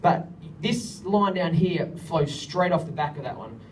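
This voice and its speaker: A man's voice: a little high, expressive, unhurried, slight background noise. A man leading a songwriting workshop, joking with the group and singing lines to show the melody. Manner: joking, often sings lines to demonstrate. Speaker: music director teaching songwriting. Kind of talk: workshop teaching with sung examples. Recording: far from the mic with faint ambience.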